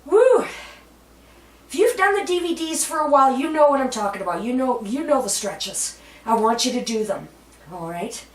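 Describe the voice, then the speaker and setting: A woman fitness instructor calmly cueing floor exercises, chatty, laughing at herself, with cheerful whoops and slightly out of breath from exercising. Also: on the high side, brisk. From Canada. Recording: roomy echo, voice from a distance.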